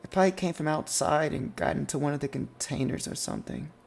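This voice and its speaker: A man's voice: on the high side, fast talker, vocal fry, darkish tone, slight background noise. A game master voicing a young boy in a wizard outfit who sheepishly makes excuses.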